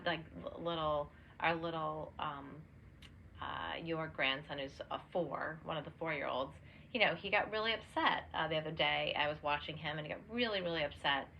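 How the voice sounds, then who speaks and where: A young adult woman co-hosting a podcast in casual chat, with lots of "like"s and restarts. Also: deep voice. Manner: talks with many "like"s and restarts. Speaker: podcast co-host. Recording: dull lo-fi sound with faint noise.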